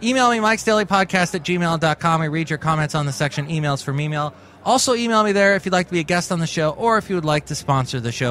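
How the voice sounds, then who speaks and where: A man's voice: fairly high pitch, fairly bright tone. A man hosting a casual comedy podcast, jokey and rambling with silly asides. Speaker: podcast host.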